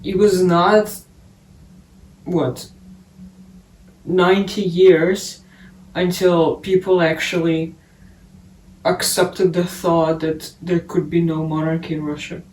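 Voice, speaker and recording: A male podcast co-host with a high, level voice, calmly explaining his view in a casual chat about a book. He is set back from the mic, and the room around him echoes. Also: takes it slowly, long pauses, a little hiss or hum. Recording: roomy, distant mic.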